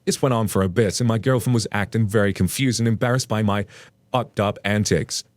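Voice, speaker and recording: A man narrating a story aloud and then chatting casually about it, with an animated, playful storytelling manner. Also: on the low side, brisk, no room sound.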